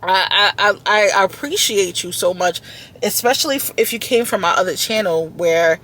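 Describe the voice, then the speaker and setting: A woman's voice: mid-range voice, normal speed, fairly bright tone. Earnest, emotional woman vlogging. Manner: emotional, earnest, repeats words. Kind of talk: heartfelt self-talk vlog. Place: inside a car.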